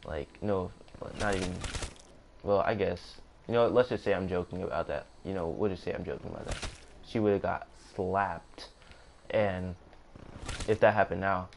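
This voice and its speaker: A man's voice: low voice, moderate pace, gravelly, a little hiss or hum. Young man telling a rambling story. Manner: rambling, self-correcting, joking asides. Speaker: gaming streamer. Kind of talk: casual storytime narration.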